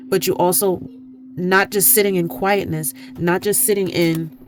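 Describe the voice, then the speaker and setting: A woman's voice: on the low side, steady tone, moderate pace, faint music behind. Earnest, preachy woman card reader. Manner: earnest, preachy, repeats phrases for emphasis. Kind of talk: oracle card reading. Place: indoor room, candles lit.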